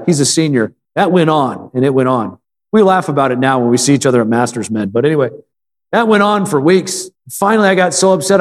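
Man preaching a folksy sermon in a reverberant church. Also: fairly high pitch. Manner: folksy storytelling with calls for amen. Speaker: pastor.

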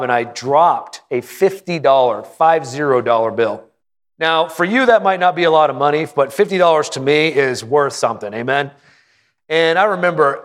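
A man preaching a sermon to his congregation in a folksy, joking way, often asking them questions and stressing key phrases slowly. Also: on the high side, a bit bright. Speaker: pastor.

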